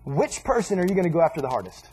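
A man preaching a sermon in a casual, animated way, acting out little asides as he teaches. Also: a little high, racing, slight background noise, low-quality recording.

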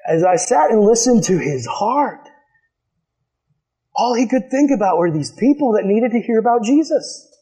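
A male pastor preaching a sermon, telling a personal story with animated, acted-out dialogue before reading scripture. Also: normal speed. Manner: animated storytelling, acts out quotes in a higher voice.

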